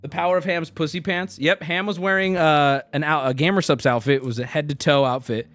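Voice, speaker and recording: A man streaming to his chat, telling a travel story in a lively way and jumping into squeaky put-on voices for the people he quotes. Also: a little fast, dry recording, faint music behind. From United States. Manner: lively, swings into high squeaky voices when quoting people.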